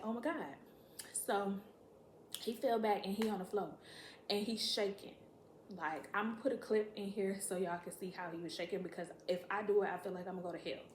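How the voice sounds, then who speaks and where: Woman, storytime vlogger, cussing and lively, mid-pitched voice, roomy echo, faint hiss. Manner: profane, animated, acts out quotes. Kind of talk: casual storytelling to camera. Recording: echoey room.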